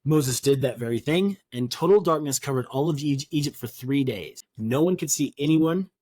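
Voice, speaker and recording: A man's voice: mid-range voice, expressive, moderate pace, darkish tone, no room sound. A man co-hosting a podcast, reading Bible passages aloud and chatting casually about them with offhand jokes. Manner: reads scripture aloud, then riffs with offhand jokes. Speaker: podcast co-host. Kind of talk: casual Bible study chat.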